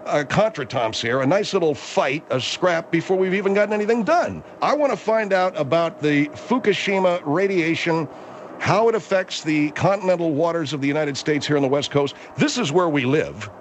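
A man's voice: a little high, lively intonation, normal speed, slight background noise. A man hosting a talk radio show from a studio, chatty and trying to keep two guests in line. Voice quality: easygoing, chatty, mediating. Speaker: radio host.

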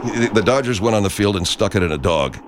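A man hosting a call-in radio show, cutting in with quick, incredulous questions. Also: on the low side, expressive, background noise. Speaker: radio talk show host.

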